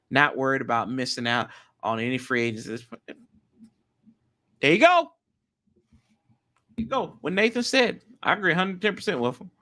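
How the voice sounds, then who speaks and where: Man, livestream host, high voice, very lively pitch, slangy casual chat. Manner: animated, slangy, jumps pitch often. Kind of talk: casual live chat reading comments.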